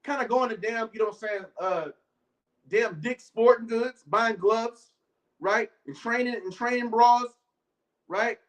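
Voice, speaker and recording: Male preacher, high voice, casual rhetorical sermon, reads verses slowly. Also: rough recording. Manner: loose, rhetorical, keeps asking "right?"; reads scripture slowly and deliberately. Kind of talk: informal sermon.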